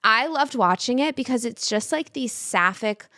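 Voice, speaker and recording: A young adult woman guest on a podcast, talking in a chatty, animated way with lots of "like". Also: fairly high pitch, moderate pace, no echo, clean studio sound. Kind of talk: casual conversation. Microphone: podcast mic.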